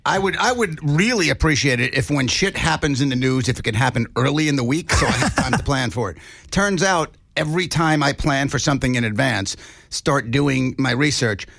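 A man's voice: mid-range voice, animated, a little fast, vocal fry, a bit bright, no echo. A man hosting a casual news chat, joking sarcastically about the week's stories. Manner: sarcastic jokey delivery. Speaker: podcast host.

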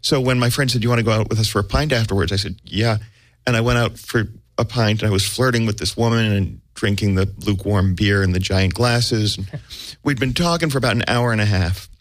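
A man's voice: on the low side, moderate pace, no echo. An American man, an actor, telling a comic story about himself in a wry, self-mocking way with vivid detail. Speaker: actor guest.

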